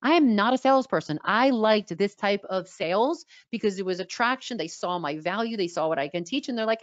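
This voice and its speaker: A middle-aged woman from New York with a slightly raspy voice and a New York accent, coaching a webinar audience with lively energy and repeated key words. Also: mid-range voice, brisk, hardly any pauses, no room sound. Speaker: social media coach. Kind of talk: webinar teaching. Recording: dull, dry sound.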